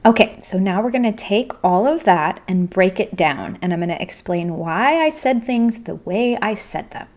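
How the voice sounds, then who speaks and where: A woman's voice: mid-range voice, expressive, moderate pace, few pauses, a little mellow, faint music behind. A woman teaching language grammar to camera in a playful, jokey way.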